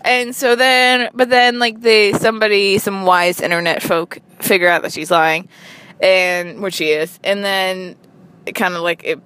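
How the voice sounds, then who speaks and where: A woman talks casually to the camera in a middle-pitched voice. She is chatty and fills her sentences with "like," often stopping and starting over mid-thought. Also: steady tone, measured pace, a bit bright, clean tone. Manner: chatty, peppered with "like", frequent restarts. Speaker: vlogger. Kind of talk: casual chat.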